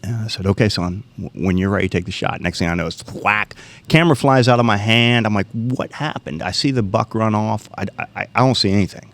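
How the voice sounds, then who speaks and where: Deep gravelly man telling a story. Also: fast. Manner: animated storyteller, acts out quoted dialogue. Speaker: guest telling a hunting story. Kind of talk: casual storytelling.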